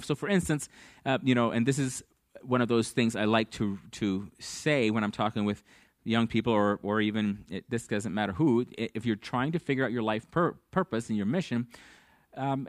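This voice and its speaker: A man's voice: medium pitch, dry recording, clean studio sound. A man preaching a sermon, telling stories and acting out the people in them. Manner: storytelling, acts out dialogue. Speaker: pastor.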